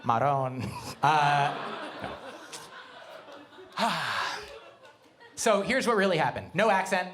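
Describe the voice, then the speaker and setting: A middle-aged man performing stand-up comedy, his voice sitting a bit high and swinging widely in pitch. He delivers quick asides and wordplay with an animated, playful energy. A faint hiss sits under the recording. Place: comedy venue with live audience.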